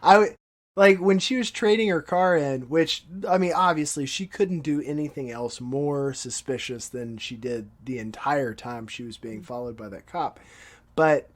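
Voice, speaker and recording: A man hosts a film roundtable at an everyday mid-range pitch. He steers the talk with quick affirmations and thinks out loud in a relaxed, casual way. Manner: moderating with brief affirmations, musing aloud. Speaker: podcast host. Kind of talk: casual movie discussion.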